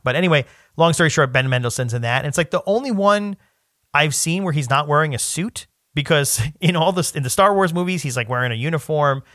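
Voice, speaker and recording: A young man co-hosting a podcast, rambling and animated in casual chat. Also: medium pitch, no echo, clean studio sound. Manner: animated, rambling, laughs often. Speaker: podcast co-host.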